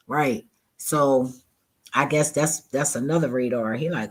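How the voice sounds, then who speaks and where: A relaxed man telling a casual storytime, loose and profane, laughing often as he talks. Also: mid-range voice, moderate pace, rough recording. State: relaxed and laid back. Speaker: vlogger.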